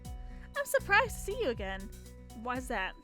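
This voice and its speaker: A woman's voice: high voice, huge pitch swings, measured pace, sharp tone, faint music behind, exaggerated voice. Woman doing a peppy sporty schoolgirl. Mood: perky. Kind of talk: reading visual novel dialogue aloud.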